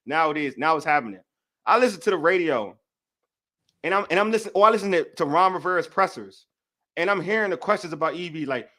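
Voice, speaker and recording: A man's voice: sits high, animated, fast, bright, forceful tone. A man hosting a casual sports debate show, heated and slangy as he vents his frustrations.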